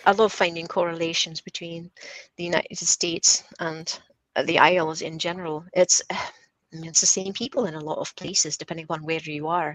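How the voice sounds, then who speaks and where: Woman chatting, lowish bright voice. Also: steady tone, moderate pace, dry recording, poor audio. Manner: chatty, laughs often, uses Scots words like aye. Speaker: podcast co-host. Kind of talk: casual chat.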